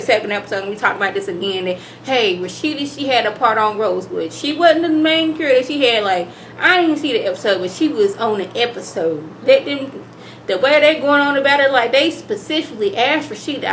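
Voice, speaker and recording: A young woman recapping a reality show in a sassy, animated way, mimicking the people she talks about. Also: fairly high pitch, normal speed, slight background noise. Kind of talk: casual recap commentary.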